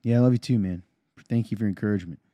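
A man, a pastor, co-hosting a casual talk show and telling stories in a quick, emphatic way. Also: fairly low pitch, dry recording. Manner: animated storyteller, quick and emphatic. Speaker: pastor and podcast co-host. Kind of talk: casual chat.

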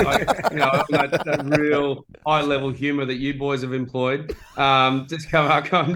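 A man's voice: mid-range voice, steady tone, normal speed, hardly any pauses, a crowd in the background. A man and former rugby player, telling a story in casual podcast chat, rambling and self-mocking with easy laughs, over a remote call.

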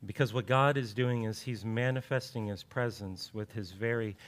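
A man preaching a sermon earnestly, often repeating words and sinking low and soft on key words, with playful asides. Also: moderate pace. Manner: playful asides with joking voices.

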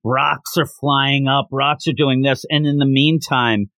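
A man hosting a manga podcast, recapping a chapter in casual commentary and breaking into quick acted quotes. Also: mid-range voice, no room sound. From United States. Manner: animated, breaks into quick acted quotes and mock announcer yells.

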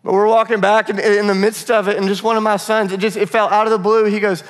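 High-voiced earnest male pastor. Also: level tone, quick pace, long reverb tail. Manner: conversational, earnest, repeats and restarts phrases. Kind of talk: sermon.

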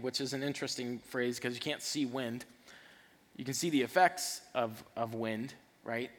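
A man preaching a sermon, reading scripture and acting out the characters with lively swings and repeated words. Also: mid-range voice, long reverb tail. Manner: animated, acts out scripture voices, repeats words. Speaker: pastor.

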